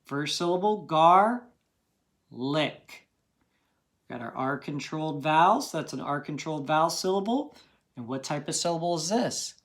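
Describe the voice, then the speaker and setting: A man's voice: fairly high pitch, expressive, brisk. A man teaching a phonics lesson to children, patient and encouraging, checking in often with "okay?".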